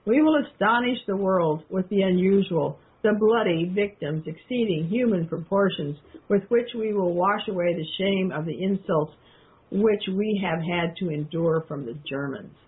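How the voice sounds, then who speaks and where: A woman reads book passages aloud in a mid-range, slightly rough voice at a moderate pace, then pauses to comment loosely to her listeners, addressing them directly with plenty of fillers. The recording sounds tinny, like a phone.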